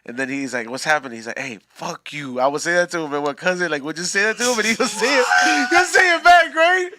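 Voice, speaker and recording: A man's voice: high-pitched, lively intonation, fast, sharp tone, dry recording, soft background music. A man, casually telling a story on a podcast, slangy and full of profanity. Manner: laid-back slangy storytelling with profanity, laughs often. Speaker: podcast host.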